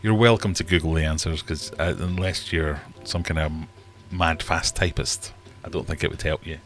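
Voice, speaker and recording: A man's voice: very deep voice, steady tone, normal speed, a bit bright. A man hosting a casual live-stream quiz, chatty and joking as he reads out the questions. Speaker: livestream quiz host.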